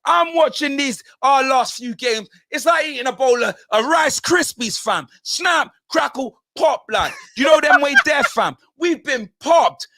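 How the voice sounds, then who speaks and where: High-pitched, furious fan ranting. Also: male voice, lively intonation, a little slow, few pauses, dry recording, clean studio sound. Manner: ranting, shouting, heavy slang. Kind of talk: angry football fan rant.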